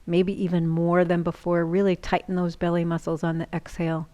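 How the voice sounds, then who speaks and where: Calm woman guiding breathing, lowish voice. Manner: calm, slow, soothing cues with some whispered lines. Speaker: yoga instructor. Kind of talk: guided breathing instruction.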